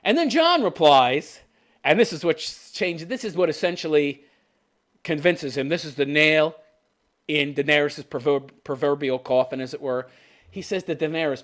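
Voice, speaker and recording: A man's voice: fairly high pitch, normal speed, fairly bright tone. A man ranting sarcastically in casual commentary, laughing often and swearing as he mocks what he describes. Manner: sarcastic, laughing, profane, mocking quoted characters. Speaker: commentary host.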